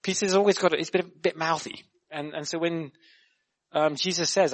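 A young man preaching a sermon in a chatty, animated way, repeating words and putting questions to the listeners. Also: fairly high pitch, brisk. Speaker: guest preacher.

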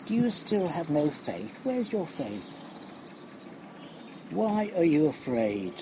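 Slow, reflective preacher, man. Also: a little high, very animated. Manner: slow, reflective, drops to a hush on key phrases. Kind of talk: sermon. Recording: muffled recording with background noise.

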